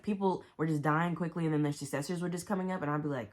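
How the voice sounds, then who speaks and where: Woman book vlogger with a low voice: casual, slangy, and cusses freely with big reactions. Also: fast. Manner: animated, blunt and profane, with exaggerated reactions; talks to herself and the viewers with slang. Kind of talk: casual book review chat.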